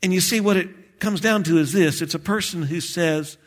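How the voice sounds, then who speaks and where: High-voiced animated male pastor preaching. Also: normal speed, hardly any pauses. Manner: animated, acts out prayers, chuckles at himself. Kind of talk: sermon.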